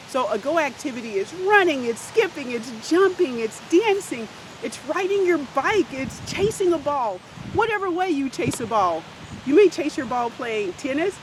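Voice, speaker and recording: A woman teaching a lesson to children, energetic and emphatic, speaking to them directly. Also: a little high. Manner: animated, emphatic, addresses kids directly. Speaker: health and physical education teacher. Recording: hissy outdoor recording.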